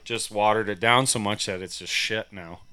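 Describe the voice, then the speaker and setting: Easygoing low-voiced podcast co-host man. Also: steady tone, moderate pace, bright, forceful tone, clean tone. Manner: easygoing, agreeable, swears casually. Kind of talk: casual podcast chat.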